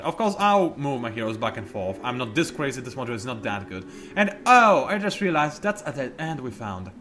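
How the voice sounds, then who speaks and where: A man's voice: a little high, fairly bright tone. A man commenting on a strategy game as he plays it, chatty and explaining each move, often trailing off and restarting sentences. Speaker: let's play commentator. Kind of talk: gameplay commentary. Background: game music.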